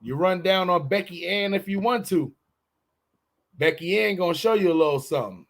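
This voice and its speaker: A podcast host, a man with a high voice, chatting loosely and joking. He slows down and stretches words out when he wants to make a point. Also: lively intonation, fairly bright tone. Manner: loose, joking, drawn-out emphatic delivery. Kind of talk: casual chat.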